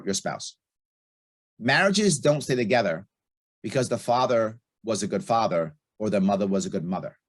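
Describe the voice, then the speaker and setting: A middle-aged man speaking as a guest in a casual podcast interview, blunt and emphatic, repeating his key points. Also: medium pitch. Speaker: podcast guest, libertarian candidate.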